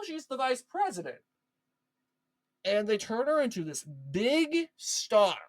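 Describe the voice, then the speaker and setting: A woman delivers opinionated political commentary, her pitch leaping up and down as she presses each point. She sounds sarcastic and emphatic, often repeating a line to drive it home. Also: low-quality recording.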